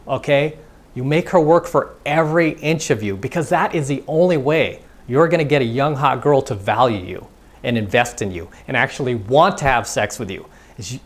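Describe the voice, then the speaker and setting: A man giving a casual, conversational dating lesson as a coach, acting out both sides of example conversations. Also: fairly high pitch. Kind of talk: instructional monologue.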